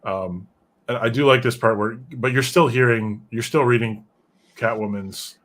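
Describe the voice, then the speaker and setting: A man's voice: medium pitch, fairly even intonation, normal speed, fairly bright tone. A man hosting a casual comic book discussion who rambles and drifts into side notes. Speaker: podcast host reviewing comics.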